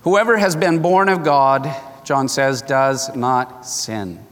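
A man's voice: mid-range voice, expressive, slow, fairly bright tone. A man preaching a sermon with passion, now and then acting out the voices of the people he quotes. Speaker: pastor. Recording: reverberant hall.

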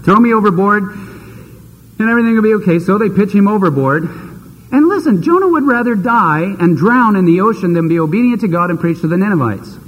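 A man preaching a sermon, retelling scripture in a lively, conversational storytelling manner. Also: high voice, quick pace, breathy edge. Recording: long hall reverb.

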